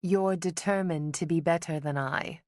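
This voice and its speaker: A woman voicing a smooth, teasing young artist. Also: moderate pace, darkish tone, dry recording, lightly acted. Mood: cool teasing. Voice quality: low and smooth. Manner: dry, teasing, unbothered. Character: sly, poised young woman, an artist daughter. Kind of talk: audiobook character voice.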